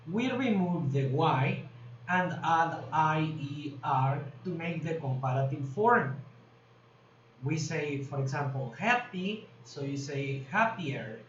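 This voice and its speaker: A man teaching an English grammar lesson, explaining slowly and patiently and checking in with "okay?" often. He is a native Spanish speaker. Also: a little high, fairly bright tone. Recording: distant, roomy, dull lo-fi recording with faint noise.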